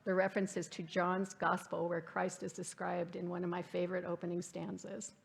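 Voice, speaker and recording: In a church hall, a woman delivers a reflective literary lecture for a church forum, reading quotes aloud and asking the audience questions. Her lowish voice is creaky and level in tone, and she speaks briskly.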